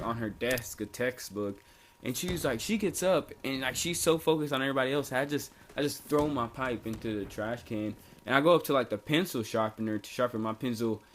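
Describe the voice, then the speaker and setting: A man's voice: mid-range voice, slight background noise. A young man casually telling a story from his school days, rambling and slangy with lots of fillers and restarts. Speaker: storytelling vlogger.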